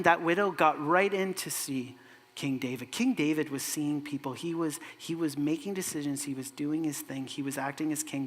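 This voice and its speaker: A pastor delivers a sermon in a church sanctuary, talking in a conversational, animated way with asides to the room. His voice is bright and forceful, and it carries a long hall echo. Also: a little high.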